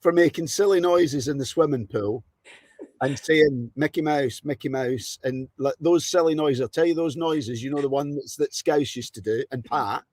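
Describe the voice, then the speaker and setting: Relaxed man reminiscing. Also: a little high, moderate pace, dry recording. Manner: relaxed, reminiscing, asks questions. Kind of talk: casual chat.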